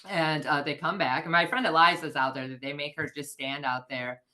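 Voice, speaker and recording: A young woman from the Midwest, a podcast guest on a video call, telling a story with animated, profane quoting of herself. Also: low-pitched, fairly quick. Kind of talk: storytelling in casual chat.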